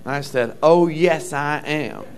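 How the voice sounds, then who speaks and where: High-voiced fervent preaching man. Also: takes it slowly, clean tone. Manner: fervent, storytelling preacher with interjections of praise. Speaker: pastor. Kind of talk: sermon.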